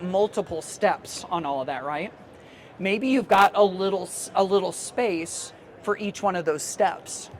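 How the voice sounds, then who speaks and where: A man's voice: high-pitched, a little hiss or hum. A man giving a live conference workshop talk in a casual, chatty way, laughing easily as he talks to the room. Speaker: teacher trainer and conference presenter.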